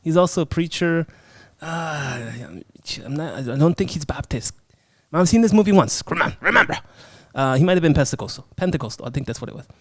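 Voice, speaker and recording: A man hosting a podcast, casually reviewing a horror film in a profane, animated way and acting out scenes. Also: on the high side, brisk, no room sound, clean studio sound.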